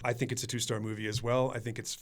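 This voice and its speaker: A man's voice: medium pitch, flat delivery, quick pace. A man hosting a casual movie review podcast, decisive as he wraps up each segment. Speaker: podcast host.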